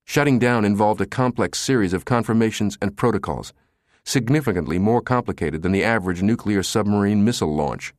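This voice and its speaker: A man reading a thriller audiobook in steady scripted narration. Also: fairly low pitch, brisk, dry recording, studio quality.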